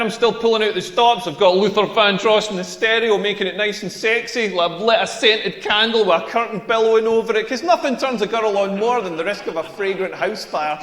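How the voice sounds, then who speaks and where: A high-pitched Scottish man in his forties works a comedy club crowd with wry, self-mocking banter, laughing through his lines. The sound is echoey, carried through a live venue with a long reverb tail. He talks in a loose, conversational way. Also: a bit bright. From rural Scotland. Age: 40s. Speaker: stand-up comedian. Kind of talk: stand-up comedy set.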